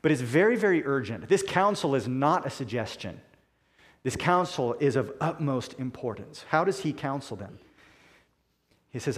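A man preaching a sermon in a deliberate, emphatic way, slowing down to stress key words. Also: mid-range voice, expressive.

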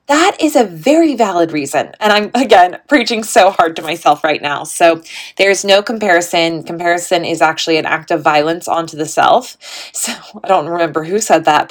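A woman talking casually and earnestly to her viewers as a spiritual vlogger, chatty and encouraging, full of "like" and "um". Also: fairly low pitch. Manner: encouraging, self-deprecating. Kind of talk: casual heartfelt talk to viewers.

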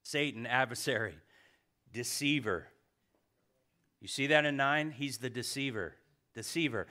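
A middle-aged man preaches to his congregation with a bright, ringing tone. He asks them questions and waits for answers, moving from loud emphasis to near-hushed asides. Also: mid-range voice. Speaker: pastor. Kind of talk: sermon.

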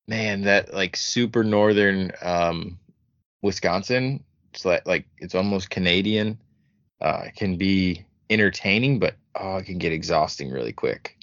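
A man's voice: low-pitched, a bit bright, no room sound. A man chatting casually as a podcast guest, telling rambling stories in a laid-back way. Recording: slightly muffled dry podcast recording.

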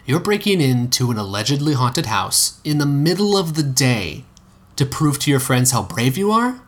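A man reading aloud and voicing a dry, sharp-tongued teenage witch girl. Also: medium pitch, big pitch swings, moderate pace, voice pushed up. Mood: teasing. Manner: teasing, dry and sarcastic.

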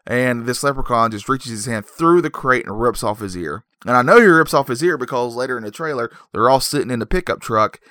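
A man's voice: mid-range voice, lively intonation, a little fast, hardly any pauses, sharp tone, dry recording, studio quality. A man rambling through a comedic plot recap, full of digressions and self-mocking jokes.

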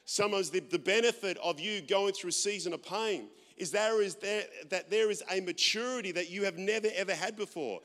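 A man preaches with a naturally loud, animated delivery and pokes fun at himself as he tells stories. His voice sits high for a man. The sound carries a long reverb from a large hall. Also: fairly quick, few pauses. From Australia. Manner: loud, animated, self-deprecating humor. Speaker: pastor. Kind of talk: sermon with storytelling.

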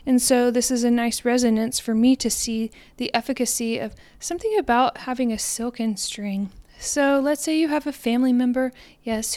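A woman giving a reflective spiritual talk in a soft, earnest, meditative way, sometimes slowing and fading to near-whispers. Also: a little high, no room sound. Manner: soft, slows down and trails off into near-whispers on repeated phrases. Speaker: spiritual podcaster.

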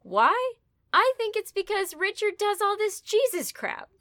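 A woman in casual conversation, retelling a story in an animated way with playful asides. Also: very high voice, normal speed, no room sound, clean studio sound. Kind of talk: casual literary discussion.

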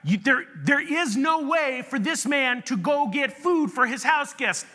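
A man preaching a sermon as pastor, telling stories in an animated way and often restarting his sentences. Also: extremely high pitch, measured pace. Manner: animated storytelling with repeated restarts. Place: church sanctuary. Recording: long reverb of a large hall.

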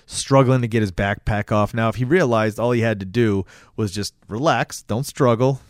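A man's voice: on the low side, normal speed, dry recording, clean studio sound. A man casually recapping a movie on a podcast, cursing freely and acting out the characters' lines as he tells it. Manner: animated storyteller, acts out quotes. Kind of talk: casual profane chat.

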